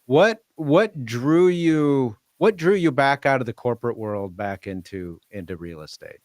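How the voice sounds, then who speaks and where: A man's voice: medium pitch, lively intonation, a little slow, a little mellow, no room sound, clean studio sound. A man hosting a podcast, asking his guest questions in a loose, conversational way. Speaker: podcast host. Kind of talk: conversational interviewing.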